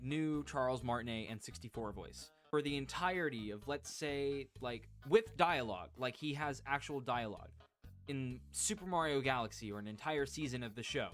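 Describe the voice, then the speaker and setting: A man's voice: medium pitch, fairly bright tone. A man narrating a casual video essay in a chatty, wry way, full of "like" fillers, recorded on a home voice-over mic.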